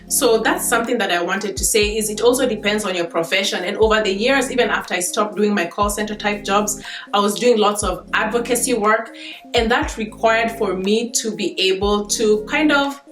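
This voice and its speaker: A woman's voice: mid-range voice, a bit bright. Chatty Kenyan woman in a roomy space. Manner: chatty, repeats herself, laughs easily. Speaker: vlogger. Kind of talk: casual talk to camera. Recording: roomy sound with faint guitar music.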